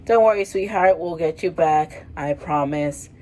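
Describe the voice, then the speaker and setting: A woman's voice: low voice, measured pace, a little mellow, soft background music. A young woman voicing a worried middle-aged mother, reading from her old story. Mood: anxious.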